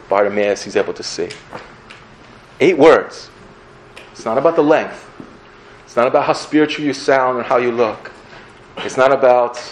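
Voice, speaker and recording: A male pastor preaches in a relaxed, conversational way and stays earnest throughout. His voice sits at an average pitch, with a faint hiss of noise behind it. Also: rough recording. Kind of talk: sermon.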